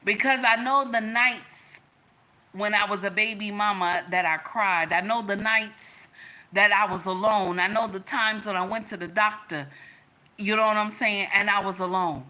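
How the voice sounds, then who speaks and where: A woman's voice: mid-range voice, normal speed, pushed and bright. A woman giving relationship advice through a personal story, emphatic, repeating lines and calling her listeners y'all and baby.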